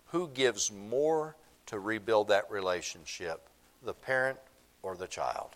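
A man's voice: on the low side, fairly bright tone. A man, preaching a sermon in church, repeating his points for emphasis. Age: 50s. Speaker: pastor.

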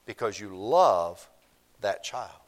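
A man's voice: fairly low pitch, lively intonation, takes it slowly. A man, preaching a sermon in church, repeating his points for emphasis. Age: 50s. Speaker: pastor.

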